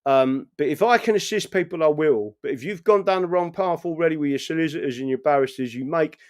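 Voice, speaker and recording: A man's voice: a little high, brisk, no room sound, clean studio sound. A middle-aged man hosting a casual livestream, rambling and swearing as he chats to viewers and reads their comments. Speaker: livestream host reading chat.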